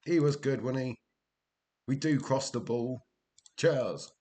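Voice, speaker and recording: A man's voice: medium pitch, slow pace, mellow. An older man, chatting casually to his stream viewers while he plays a football management game, rambling and chuckling as he goes. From Wales.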